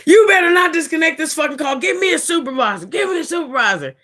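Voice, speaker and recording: A woman voicing a furious man who is shouting and cursing at a bank over a frozen account. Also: a little high, moderate pace, voice pushed up. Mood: raging.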